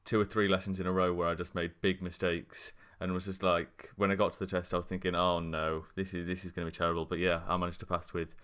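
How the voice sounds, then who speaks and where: A young man co-hosting a casual podcast, talking in a plain, measured way. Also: sits low, little pitch movement, a bit bright, clear, resonant tone.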